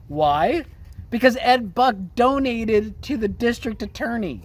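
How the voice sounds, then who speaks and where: Man, high voice, ranting commentary host, profane, sarcastic, indignant, jumpy loud outbursts. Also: unhurried.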